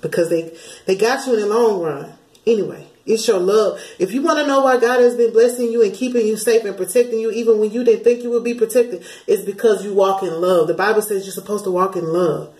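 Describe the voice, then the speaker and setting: A woman talks through spiritual messages in a loose, conversational way, acting out what others say in little quoted voices. Her voice sits at an ordinary middle pitch. The room around her is noticeably echoey. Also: fairly quick, a little mellow. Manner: chatty, laughs often, slips into sung lines and quoted voices. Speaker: spiritual channeler. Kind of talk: casual spiritual message vlog.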